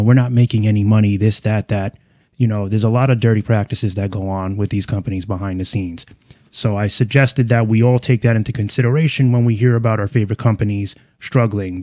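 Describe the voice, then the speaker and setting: A man's voice: fairly low pitch, dark tone, no echo, studio quality. A man hosting a tech news channel, chatting casually and reading an article aloud, with fillers and restarts. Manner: conversational, frequent fillers and restarts; critical of companies.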